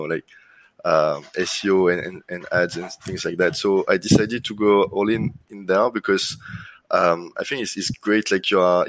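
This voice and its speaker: A low-voiced man from France, with a French accent, speaks casually as an interview guest; he runs a lead generation business. His relaxed talk is full of fillers and restarts, and the low-quality recording has no room sound.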